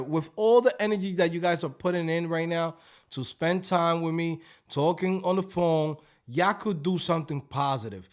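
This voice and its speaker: A man hosting a casual livestream, joking loudly and profanely and acting out scam calls. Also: on the high side, moderate pace. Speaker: livestream host.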